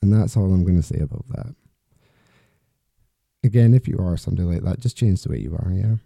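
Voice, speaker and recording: A man's voice: deep voice, a little fast, gravelly, dark tone, no echo. A man hosting a solo podcast, talking in a rambling, candid way with restarts and the odd swear word. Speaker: podcast host.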